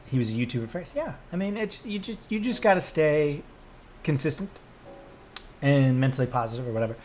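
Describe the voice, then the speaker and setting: A man's voice: a little high, expressive, a little fast, a little mellow, soft background music. A young man streaming live, chatting loosely with viewers and answering their comments, with lots of fillers and restarts. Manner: rambling, many fillers and restarts. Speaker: livestreamer. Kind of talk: casual livestream chat reading comments.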